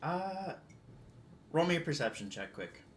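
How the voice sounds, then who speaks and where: A man running a tabletop game as dungeon master, narrating in a halting way with many fillers. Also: fairly high pitch, sing-song, slight background noise.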